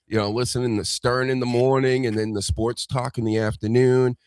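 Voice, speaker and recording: A man chatting as a guest on a casual livestream, laid-back, drawing out his phrases with pauses. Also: mid-range voice, little pitch movement, darkish tone, clear, resonant tone, dry recording.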